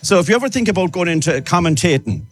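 A man's voice: high voice, lively intonation, racing, faint music behind. An Irish man presenting a live local radio broadcast from an outdoor event, chatty and upbeat, often repeating names. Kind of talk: live outside broadcast chat.

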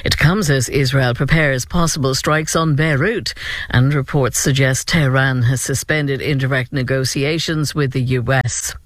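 An Irish man reading the radio news in a brisk, measured way. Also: medium pitch, steady tone, a bit bright, no echo. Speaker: newsreader.

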